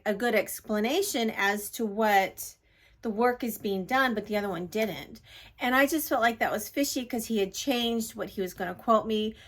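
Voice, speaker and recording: A middle-aged woman talks into a phone held at arm's length, her voice sitting a little high. She rambles and apologizes as she vents, casual and chatty. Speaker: vlogger. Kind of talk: casual vlog chat. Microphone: handheld phone at arm's length.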